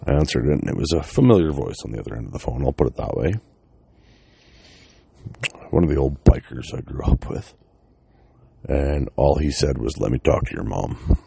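A man's voice: very deep voice, vocal fry, dark tone, husky. A man, casually telling a personal story, swearing often and laughing between lines.

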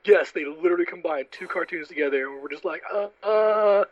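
A man co-hosting a casual podcast chat, rambling and animated, peppering his talk with fillers. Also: on the high side, quick pace, no room sound. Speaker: podcast co-host. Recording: dull dry lo-fi mic.

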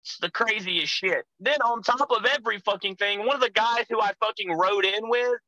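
A man's voice: high voice, moderate pace, pushed and bright, dry recording, rough recording. A young man, a pro wrestler guest, telling rambling road stories in casual chat, swearing constantly. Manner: profane, rambling storyteller.

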